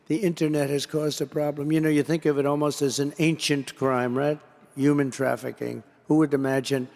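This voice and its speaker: Rambling man with gravelly voice. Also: fairly high pitch, level tone, moderate pace, darkish tone. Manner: rambling, repetitive, digressive. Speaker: political speaker addressing an association. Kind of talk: rally-style political speech. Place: large convention hall. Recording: long reverb of a large hall.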